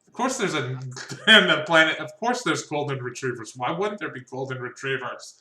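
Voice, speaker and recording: A man runs a horror-fantasy tabletop game, narrating with a crisp, bright tone. He chats loosely, laughs easily and trips over the odd name. His voice rings in an echoey room. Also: mid-range voice, lively intonation, moderate pace. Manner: chatty, laughs easily, stumbles over names. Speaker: game master.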